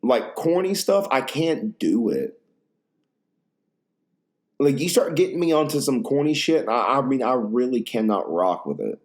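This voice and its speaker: A man's voice: medium pitch, very animated, measured pace. A man hosting a podcast in casual chat, rambling, profane and full of slang. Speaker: podcast host.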